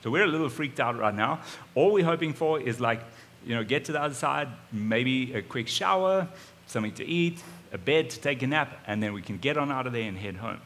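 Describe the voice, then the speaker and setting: A man preaching, retelling a story in the first person in an animated way, with sudden swings in loudness. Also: mid-range voice, a little hiss or hum. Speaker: pastor. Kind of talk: storytelling sermon. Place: church auditorium.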